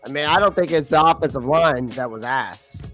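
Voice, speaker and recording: A man's voice: fairly high pitch, normal speed, a bit bright, faint music behind. A young man hosting a casual livestream, blunt and frustrated, laughing often, and losing his voice. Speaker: livestream host.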